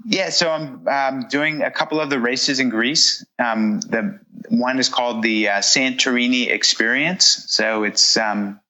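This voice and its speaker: A man's voice: mid-range voice, a little slow, few pauses, pushed and bright, dull audio. A man being interviewed as a guest, talking in an upbeat, enthusiastic way with frequent fillers. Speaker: guest runner. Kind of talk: casual interview chat.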